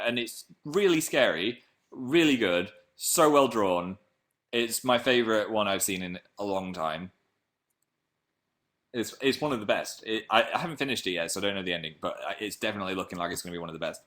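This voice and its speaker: A man casually chatting on a livestream and reading viewer comments. He rambles and jokes, and his pitch and volume jump suddenly when he gets excited. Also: normal speed, long pauses. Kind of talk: casual chat.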